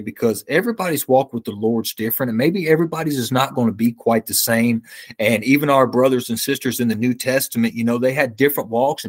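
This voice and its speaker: A man gives his testimony as an interview guest, speaking with fervent conviction. His pitch sits right in the ordinary middle for a man. He often doubles back on words as he drives a point home. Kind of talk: earnest testimony storytelling.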